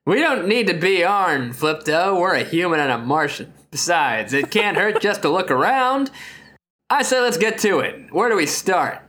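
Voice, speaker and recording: A man's voice: high-pitched, sing-song, moderate pace, a bit bright. A man playing a smug patronizing hero. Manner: condescending, bossy. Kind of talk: comic reading of a gamebook.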